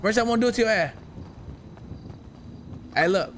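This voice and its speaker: A man streaming a roleplay game, talking in casual, profane voice chat and coaching his partner with quick restarts. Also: high voice, fairly bright tone, a little hiss or hum.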